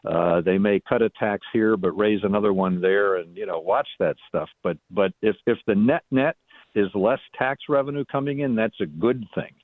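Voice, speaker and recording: A middle-aged man calls into a radio talk show and tells stories in a chatty way, stopping and restarting often. His voice sits a little low and comes through a tinny phone line. The sound is dry and close. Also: moderate pace, no room sound. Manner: chatty, storytelling, frequent restarts. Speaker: radio guest, former state senator. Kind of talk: casual radio call-in chat.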